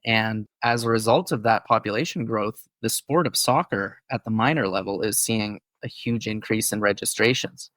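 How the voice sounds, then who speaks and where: A man's voice: on the low side, moderate pace, few pauses, a bit bright, no echo. A man co-hosting a casual sports podcast, explaining topics in an informative way with a few fillers. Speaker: podcast co-host.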